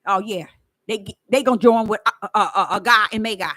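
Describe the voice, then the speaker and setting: A woman voicing the divine Father in a calm, lowered voice while preaching. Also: fairly quick, no room sound, close to an everyday voice.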